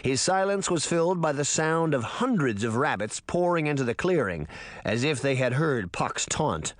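A man reading a storybook aloud with an expressive delivery. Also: on the high side, normal speed, no room sound. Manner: animated, expressive. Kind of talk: storybook narration.

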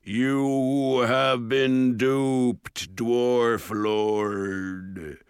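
A man voicing a menacing horned male ogre warlord, who speaks slowly, loudly and with scorn in an audiobook. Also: mid-range voice, steady tone, clean tone, no room sound, studio quality. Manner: slow, commanding and scornful. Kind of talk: audiobook character voice.

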